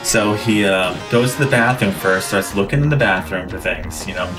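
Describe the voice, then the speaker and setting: A man's voice: lowish voice, normal speed, recorded from a distance, music in the background. A man streaming a game and rambling through casual anecdotes full of fillers and restarts. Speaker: gaming streamer. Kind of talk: casual storytelling while playing.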